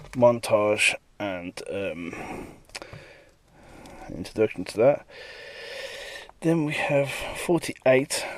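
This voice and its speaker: A comic artist with a fairly low, slightly mellow voice talks casually through the pages he has drawn. He wanders from panel to panel, dropping into snippets of his characters' dialogue along the way.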